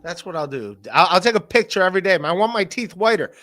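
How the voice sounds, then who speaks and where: A man hosting a podcast, rambling in a casual solo rant, swearing, laughing often and mock-shouting the people he quotes. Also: sits high, lively intonation, quick pace, slight background noise. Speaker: podcast host.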